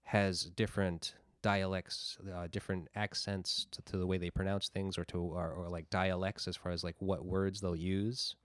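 A low-pitched man chats casually, circling around his points and groping for words. The recording is close and dry, with no room sound. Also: level tone, moderate pace, hardly any pauses, a bit bright, no echo. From Rhode Island. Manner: rambling, searches for words. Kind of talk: casual chat.

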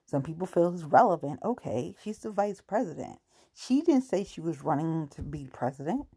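A woman's voice: sits low, expressive, normal speed, warm tone, slightly rough. A woman ranting about politics in casual talk, angry and sarcastic, swearing often.

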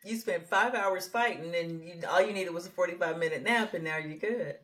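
A woman co-hosting a podcast in casual chat, telling lively stories with emphatic turns and laughs. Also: lowish voice, fairly quick, slightly rough. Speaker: podcast co-host.

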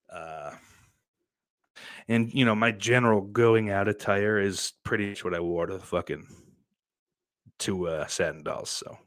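A man in his thirties with a somewhat low voice, talking off the cuff as a podcast host. He rambles, swears freely, and fills his sentences with ums and likes. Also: moderate pace, pauses often, fairly bright tone, no echo. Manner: profane, rambling, heavy on fillers. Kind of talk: casual rambling monologue.

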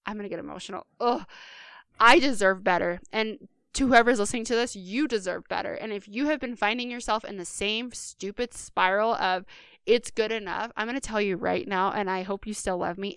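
A woman's voice: mid-range voice, fairly quick, smooth, no echo, studio quality. A woman co-hosting a podcast, talking earnestly and speaking straight to listeners in a casual monologue. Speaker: podcast co-host.

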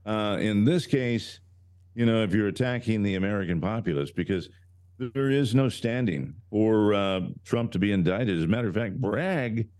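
A man's voice: on the low side, moderate pace. A man co-hosting a talk podcast, talking emphatically and often breaking off mid-phrase to restart. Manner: animated, emphatic, trails off and restarts. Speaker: podcast co-host. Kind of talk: casual talk show chat.

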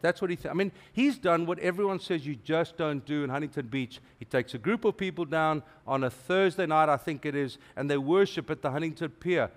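A middle-aged man gives a sermon as a guest preacher. His voice sits fairly high and he speaks in an animated, emphatic way, slipping in playful asides. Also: moderate pace.

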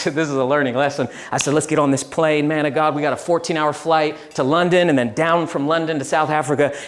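A young man giving a relaxed, chatty sermon, telling stories with laughs and restarts. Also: on the high side, a little hiss or hum. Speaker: pastor. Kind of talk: casual sermon with storytelling.

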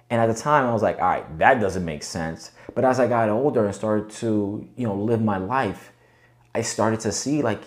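Hosting a podcast, a man delivers a casual pep-talk monologue peppered with rhetorical check-ins to coach listeners. His pitch is fairly low and his pace moderate.

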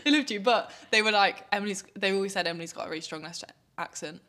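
A woman's voice: medium pitch, very fast, background noise. A young woman from South Africa co-hosting a podcast in casual, rambling chat with frequent laughs. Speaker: podcast co-host. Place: studio.

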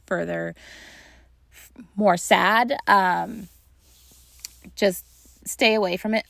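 Gravelly-voiced woman hosting a grief podcast. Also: on the low side, dry recording, studio quality. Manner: warm, reassuring, talking directly to listeners; casual with frequent fillers. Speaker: podcast host and grief coach. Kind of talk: solo podcast monologue.

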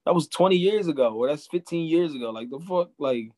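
A man's voice: fairly high pitch, expressive, fairly quick, darkish tone. A young man hosting a casual chat, giving blunt and profane opinions.

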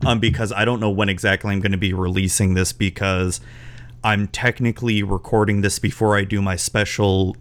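A man's voice: lowish voice, steady tone, fairly quick. A man hosting a podcast interview, chatting casually and rambling with many restarts. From Florida, US. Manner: rambling, lots of restarts and fillers. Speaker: podcast host.

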